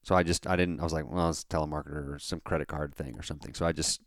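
A man hosting a podcast, telling a story casually with lots of fillers and animated asides. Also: rumbling low, rapid-fire, no echo, clean studio sound. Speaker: podcast host.

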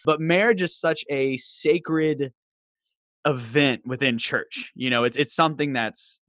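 A man's voice: mid-range voice, steady tone, unhurried, a bit bright, no echo, clean studio sound. A man from Southwestern Virginia with a light Southern accent, hosting a casual podcast chat, laughing often as he tells stories. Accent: Southern American, light. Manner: chatty, laughs often, playful storytelling. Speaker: podcast host. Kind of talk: casual conversation.

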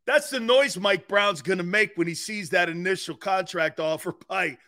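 A man's voice: high voice, normal speed, pushed and bright. A man hosting a sports radio show, talking in a rambling, jokey monologue, laughing often and slipping into silly voices. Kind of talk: animated sports talk monologue.

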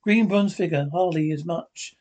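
A man reading as a young, vain gentleman in anguish, pleading and plaintive. The voice sits a little high for a man and stays close to the reader's own. It is a plain audiobook reading. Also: normal speed, natural voice.

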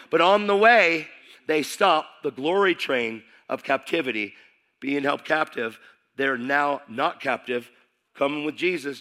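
A man preaching a sermon, passionate and emphatic, repeating phrases and swinging from hushed to shouting. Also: mid-range voice.

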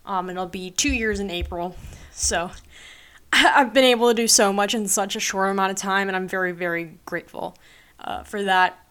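A young woman in her late teens or early twenties talks through her podcast in a loose, upbeat ramble, filling gaps with ums and likes. Her voice is smooth and clear, sitting at an ordinary middle pitch. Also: moderate pace, fairly bright tone. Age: young adult. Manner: rambling, upbeat, lots of fillers and laughs. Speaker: podcast host. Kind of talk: casual solo podcast chat.

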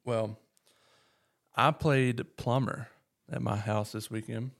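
Deadpan gravelly man. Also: medium pitch, takes it slowly. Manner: flat, deadpan delivery that sounds sarcastic. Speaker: podcast co-host. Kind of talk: casual chat.

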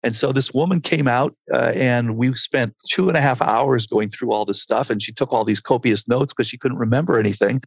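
A man's voice: mid-range voice, brisk, vocal fry, hardly any pauses, husky, dry recording. An older man, a medical researcher, tells a story in an interview and acts out the quotes as he goes. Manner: animated storyteller acting out quotes.

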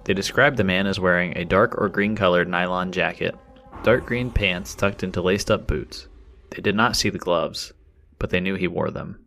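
A man hosting a podcast, reading true-crime case details in a measured, matter-of-fact way. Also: deep voice, creaky, a bit bright, soft background music. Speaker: podcast host.

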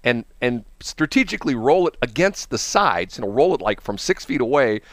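A Midwestern American man hosts a morning radio show, spinning a rambling, animated story and laughing often. His mid-range voice moves at a moderate pace, captured on a studio microphone with studio quality and no echo.

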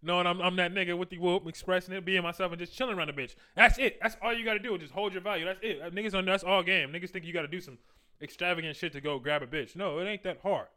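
Fast, bright-voiced man talking slang. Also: high-pitched, fairly even intonation. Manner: slangy, boastful, crude, laughs often. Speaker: dating advice talker. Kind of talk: casual monologue with acted-out dialogue.

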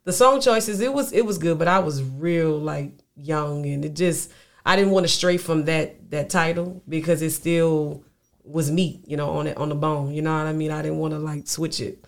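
Gravelly young woman, rambling. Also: deep voice, normal speed. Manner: rambling, many "you know" fillers. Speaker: singer-songwriter guest. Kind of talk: casual interview chat.

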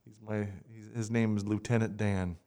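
A man with a smooth, clean voice hosts a podcast in a playful, joking way. He laughs easily between his lines. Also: fairly low pitch, level tone, normal speed, mellow. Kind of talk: casual chat.

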